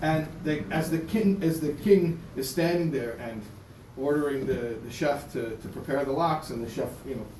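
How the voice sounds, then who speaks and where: Guy teaching a class, tells a story with lots of energy, kinda high voice, echoey room, mic far off. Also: normal speed, a little hiss or hum. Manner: animated storyteller, repeats words, voices characters. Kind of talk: lecture with a told story.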